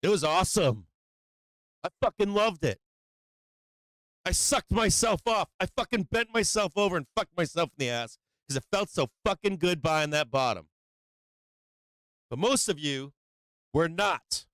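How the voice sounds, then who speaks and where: A brash male market-show host whose pitch runs a little high and whose voice sounds smooth and resonant. He swears freely and drives his points hard, then drops into a low explaining tone. He is recorded close up and dry. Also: lively intonation, measured pace, pauses often, no echo. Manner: brash, profane, emphatic; swings between loud emphasis and low explaining. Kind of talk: profane live-stream market commentary.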